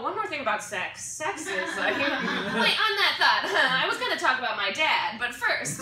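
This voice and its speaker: A woman's voice: a little high, reverberant, recorded from a distance, heavy background noise. A woman doing a stand-up set, brash and laughing at her own jokes. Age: 20s. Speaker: stand-up comedian. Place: comedy club stage. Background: audience laughter.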